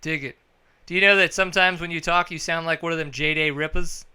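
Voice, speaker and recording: A man hosting a casual motorsport podcast, upbeat and joking, with sudden bursts of high energy. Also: steady tone, fairly quick, bright, forceful tone, clear, resonant tone. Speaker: podcast host.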